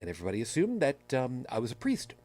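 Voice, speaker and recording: A man's voice: mid-range voice, huge pitch swings, fast, a little mellow. Rambling man hosting a podcast. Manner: rambling, self-deprecating storyteller. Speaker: podcast host. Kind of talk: casual chat.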